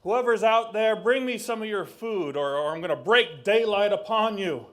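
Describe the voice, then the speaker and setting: A man voicing a brash, hungry male trickster raven in a spoken folk tale, loud and demanding. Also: on the high side, expressive, takes it slowly.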